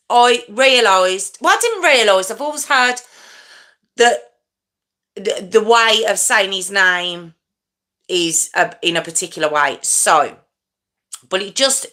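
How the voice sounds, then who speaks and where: A woman's voice: mid-range voice, bright, forceful tone. A middle-aged woman hosting a true crime livestream, chatting casually and stumbling over her words as she corrects herself. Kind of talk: rambling casual live chat.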